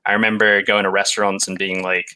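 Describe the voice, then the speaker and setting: Deadpan english guy, low voice, kinda american-tinged now, crisp bright tone. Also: quick pace, poor audio. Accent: English, partly Americanized. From England (London). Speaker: guest. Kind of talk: casual interview chat.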